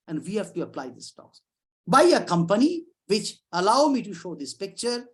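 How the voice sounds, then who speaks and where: A middle-aged woman psychiatrist lectures informally over a video call. Her delivery is lively and conversational, with her voice sitting at an ordinary middle pitch. She keeps restarting phrases and slipping in side remarks. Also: normal speed. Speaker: psychiatrist giving a talk.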